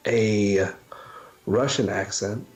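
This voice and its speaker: A man co-hosting a casual chat show, talking slowly and haltingly, with many pauses and ums. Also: fairly low pitch. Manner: slow and halting, hesitant with ums. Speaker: podcast co-host.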